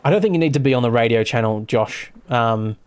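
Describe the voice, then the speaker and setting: A man's voice: medium pitch, fairly quick, a little mellow, clear, resonant tone. An Australian man chatting casually while streaming a game live, rambling and correcting himself, with the odd swear. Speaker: gaming streamer. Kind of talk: casual live gameplay commentary.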